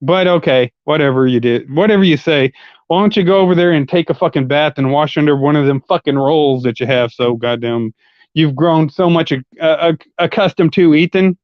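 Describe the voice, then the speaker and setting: A man's voice: a little high, brisk, dry recording. A man ranting on a livestream in a combative, heavily profane and mocking way. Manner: argumentative, mocking. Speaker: livestream commentator. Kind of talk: live-stream rant. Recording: muffled lo-fi audio.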